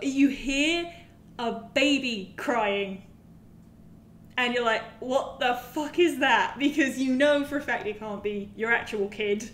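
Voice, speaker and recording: A woman co-hosting a casual podcast about games, telling a horror story in an animated, profane way. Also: high-pitched, roomy sound, slight background noise. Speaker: podcast co-host.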